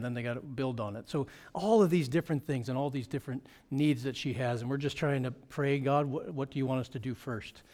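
A middle-aged man, a pastor, giving a lively report on a mission trip to his church. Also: mid-range voice. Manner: animated storytelling with frequent laughs.

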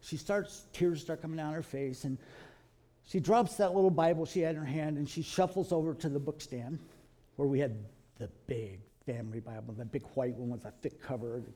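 A middle-aged man from Kentucky, telling animated stories to a live audience in a folksy preaching style, calling the listeners folks. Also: fairly high pitch, moderate pace. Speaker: creationist speaker.

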